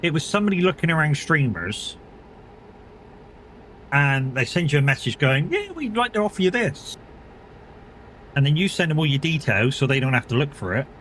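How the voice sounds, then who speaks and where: A man's voice: medium pitch, animated, a little fast, a bit bright, slight background noise. Rambling man on a live stream. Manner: rambling storyteller, acts out quoted people. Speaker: gaming streamer. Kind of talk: casual live-stream chat while playing.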